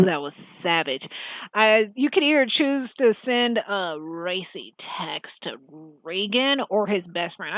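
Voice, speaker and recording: A woman's voice: mid-range voice, no room sound. A woman giving casual, opinionated commentary on a story game, blunt and often exasperated. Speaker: game reviewer.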